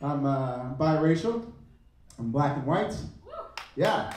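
A man in his thirties performing a stand-up comedy set on a club stage, animated and jumping up in pitch for punchlines. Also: slow pace, very echoey, distant mic, low-quality recording. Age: 30s.

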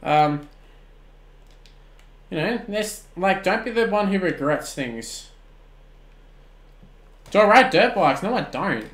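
An Australian man in his twenties streaming a football video game, shouting at the plays and then chatting casually with viewers. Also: high-pitched, slow pace, pauses often, roomy sound. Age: 20s. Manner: excitable, swings from shouting at the game to relaxed chat. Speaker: gaming streamer. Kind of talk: live-stream commentary and chat replies.

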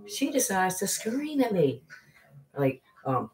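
A woman's voice: low voice, expressive, normal speed, a crowd in the background, low-quality recording. A woman hosting a casual livestream, chatting to viewers and telling a family story. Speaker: livestream host and mother. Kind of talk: casual live chat.

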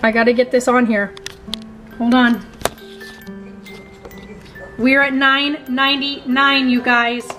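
This family vlogger, a woman in her thirties at home with a handheld camera, gushes breathlessly to her viewers and keeps saying "you guys" in an excited, casual vlog. Her voice is high, steady and sharp, and she takes it slowly with long pauses, while faint music plays behind.

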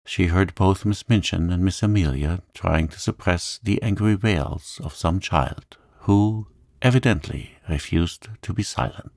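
Slow, deep sleep-story narrator. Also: male voice, vocal fry, no echo, studio quality. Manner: slow, calm and gentle. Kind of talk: calm sleep story reading.

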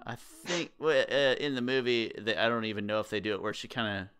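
A young man co-hosting a podcast, giving rambling, opinionated takes that often trail off quietly. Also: medium pitch, brisk, smooth. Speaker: podcast co-host. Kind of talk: casual podcast chat.

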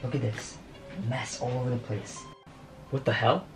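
A young man vlogging a ghost hunt in his bedroom, with frantic, swearing exclamations and hushed whispers. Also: mid-range voice, fairly even intonation, moderate pace, music in the background. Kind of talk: ghost-hunting vlog.

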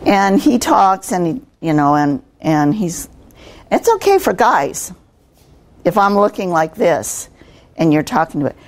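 Her voice is lowish and unhurried, with big swings in pitch. This older woman, invited to speak on communication skills, addresses students in a conversational workshop, tossing out rhetorical questions.

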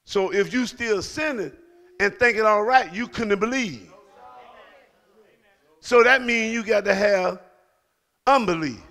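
High gravelly preacher man. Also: takes it slowly, long pauses. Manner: preaching with rising shouts and calls to the congregation. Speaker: pastor. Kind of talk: sermon. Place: church sanctuary.

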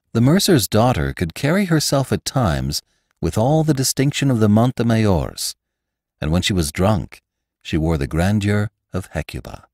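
A man with a very deep voice narrates a classic novel in a measured, expressive way. His intonation rises and falls with lively movement, and the recording is dry and close. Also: no room sound. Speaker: podcast host and narrator. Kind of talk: audiobook narration.

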